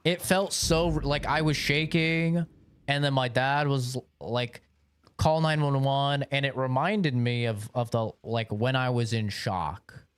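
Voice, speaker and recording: A man's voice: mid-range voice, fairly even intonation, unhurried, clean tone, dry recording. A young man livestreaming, telling a long story in a casual, rambling way, swearing often and filling gaps with "like" and "bro". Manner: rambling, profane, lots of filler like "like" and "bro". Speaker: streamer.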